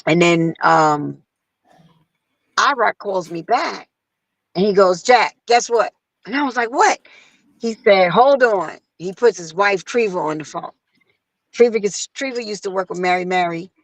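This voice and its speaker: A woman singer telling a story in casual conversation, acting out other people's lines in a higher voice. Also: unhurried, pauses often, no room sound, low-quality recording. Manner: animated, acts out quotes in a higher voice. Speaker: guest singer.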